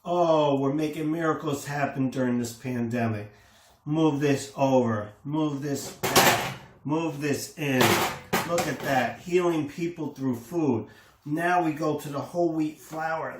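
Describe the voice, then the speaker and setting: A home cooking host with a voice on the high side takes it slowly as he casually demonstrates a recipe in his kitchen. He's enthusiastic, exclaiming over the food while he works, and the room is echoey with faint noise.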